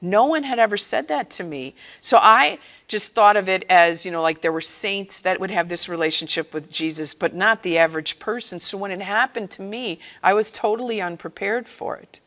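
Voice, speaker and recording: A woman's voice: medium pitch, moderate pace, hardly any pauses, fairly bright tone. A woman giving a personal faith-sharing talk to catechists, earnest and conversational, acting out quotes as she goes. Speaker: speaker at a catechist training session.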